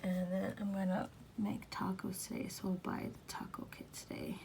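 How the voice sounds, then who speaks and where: A woman in her thirties narrating a casual plan-with-me video at home, talking softly and often half-whispering to herself, flustered and self-deprecating about her mistakes. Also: mid-range voice, level tone, normal speed, creaky. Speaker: planner vlogger. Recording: noisy home recording.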